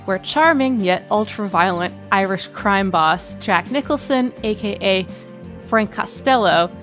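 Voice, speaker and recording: A woman's voice: mid-range voice, animated, measured pace, fairly bright tone, faint music behind. A woman co-hosting a film podcast in casual chat, playful and laughing often. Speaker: podcast co-host.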